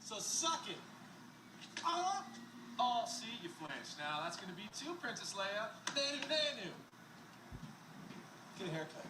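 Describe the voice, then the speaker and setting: A man's voice: sits high, sing-song, measured pace, pauses often. An actor playing a cocky grown-up older brother who taunts his sibling, heard in a played TV clip. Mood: taunting. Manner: mocking, taunting. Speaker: TV series character in a played clip. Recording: roomy clip with background noise.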